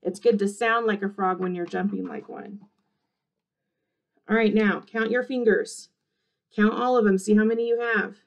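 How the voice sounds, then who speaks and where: A woman kindergarten teacher reading an interactive movement book aloud to young children, animated and encouraging in a sing-song voice. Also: mid-range voice, moderate pace, pauses often, highs cut off.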